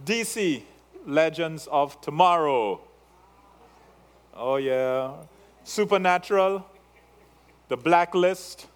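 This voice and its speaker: A man's voice: on the high side, expressive, slow pace, long pauses. A male pastor with an accent, preaching a sermon in a playful way, teasing his congregation and checking in with them through frequent questions. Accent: non-native English.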